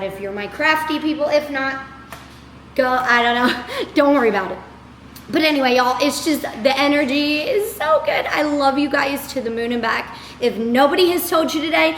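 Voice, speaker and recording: Talking to camera at a moderate pace, a high-voiced woman delivers a casual pep talk that's chatty, upbeat and all over the place, peppered with "y'all" and "girl." The echoey room carries faint ambience plus a little hiss or hum.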